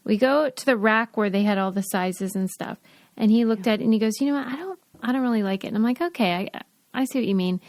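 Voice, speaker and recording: Chatty woman co-host, high-pitched. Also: expressive, darkish tone, no echo. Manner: storytelling, quick laughs. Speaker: podcast co-host. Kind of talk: casual chat.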